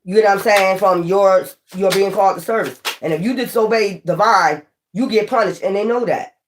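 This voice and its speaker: A woman's voice: medium pitch, moderate pace. A woman giving a casual spiritual tarot reading, blunt, profane and preachy, rambling with frequent restarts. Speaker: tarot reader.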